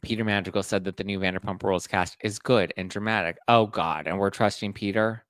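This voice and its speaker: Male podcast host, casual and chatty gossip style, low gravelly tone, dry booth sound. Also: fairly even intonation, brisk, a bit bright, dry recording. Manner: chatty, reads audience comments aloud. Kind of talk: casual pop-culture gossip chat.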